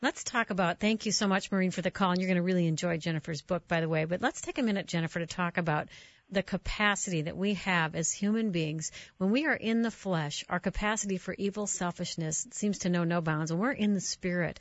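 Lower-voiced woman hosting call-in radio. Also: a little fast, dry recording, muffled recording. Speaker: radio show host.

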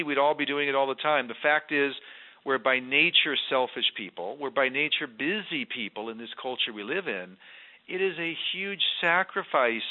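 An earnest man speaks as a guest about faith and community, pressing his points with emphasis. His voice comes through a thin, phone-like line. It sits at an ordinary pitch for a man. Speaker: guest, former mayor. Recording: tinny phone-line sound.

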